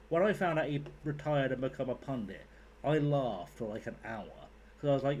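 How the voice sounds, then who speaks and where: A man's voice: medium pitch, fairly quick, darkish tone, slight background noise. A man giving casual, rambling commentary while playing a game, swearing freely. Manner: rambling, sweary, chatty asides. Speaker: gaming YouTuber.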